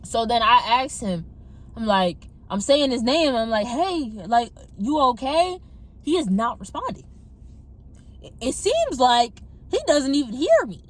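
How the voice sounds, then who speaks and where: A young woman casually telling her personal testimony to her viewers on a phone camera, animated and talking straight to them. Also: fairly high pitch, measured pace. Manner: animated, addresses viewers as y'all. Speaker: testimony vlogger.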